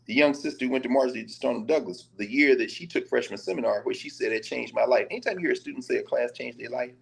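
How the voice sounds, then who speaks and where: A man from Nashville, a professor talking in lively conversational commentary, telling stories with quoted dialogue and casual vernacular. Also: mid-range voice, fast, gravelly. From Nashville, Tennessee. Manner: animated storytelling, slipping into quoted dialogue and casual Black vernacular.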